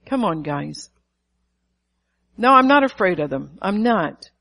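A woman's voice: medium pitch, big pitch swings, slow pace, gravelly, fairly bright tone. A middle-aged woman preaching a sermon, emphatic and calling out to her listeners. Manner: emphatic, calls to the audience.

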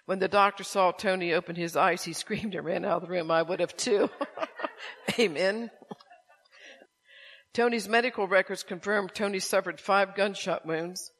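A man's voice: sits high, fairly even intonation, fairly quick, a bit bright. A man preaching, reading a testimony aloud and then pressing listeners with rhetorical questions. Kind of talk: sermon with story reading.

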